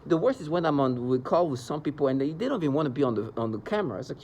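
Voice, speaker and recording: A man's voice: fairly high pitch, animated, racing, darkish tone, slight background noise. A man delivering an agitated, rambling monologue into the camera, with mocking asides. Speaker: vlogger describing being targeted. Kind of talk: angry monologue.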